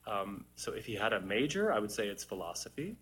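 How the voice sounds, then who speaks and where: Man, young adult, stage actor, casual chatty Q&A, bright tone. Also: fairly low pitch, big pitch swings, a little fast, slight background noise. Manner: chatty, answers viewer questions with laughs. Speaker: musical theatre actor. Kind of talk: casual live-stream Q&A.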